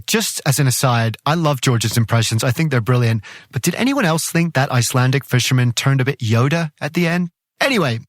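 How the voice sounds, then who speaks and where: A male host narrates from a script with expressive emphasis. His voice sits at a middle pitch and is recorded dry and close to the mic. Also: dry recording. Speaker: podcast host.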